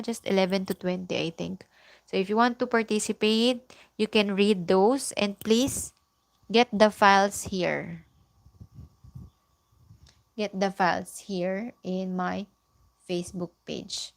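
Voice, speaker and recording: Slow-speaking Filipino woman teaching. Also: mid-range voice, steady tone, creaky. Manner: explains slowly, repeats example phrases, mixes in Tagalog. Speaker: Japanese language teacher. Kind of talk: live online lesson.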